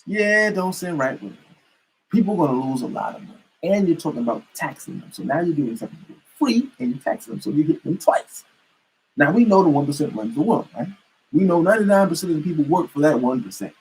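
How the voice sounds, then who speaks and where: A man's voice: on the high side, big pitch swings, fast talker, mellow, husky, poor audio. A man giving an emphatic, repetitive political rant to camera as a commentator.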